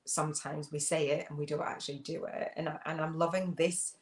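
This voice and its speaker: A woman's voice: low voice, fairly even intonation, brisk, reverberant. A woman hosting a casual livestream, rambling and reflective as she reads viewer comments, with many fillers and restarts. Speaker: host of a spiritual business channel.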